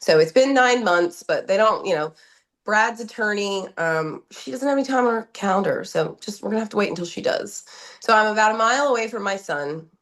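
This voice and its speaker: A woman from New Jersey speaks as a podcast guest, pouring out her story in an urgent, emotional rush. She stumbles and restarts often, repeats words for emphasis and slips into quoted back-and-forth. Her pitch sits in a middle range for a woman. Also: brisk. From New Jersey, USA. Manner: urgent, animated retelling with many restarts and quoted dialogue.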